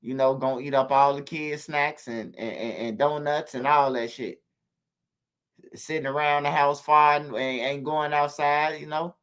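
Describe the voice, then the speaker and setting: A man hosting a stream, telling stories in a slangy, animated way and repeating himself. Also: a little high, normal speed, clear, resonant tone. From Chicago. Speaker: channel host on a livestream. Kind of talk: casual storytelling to viewers.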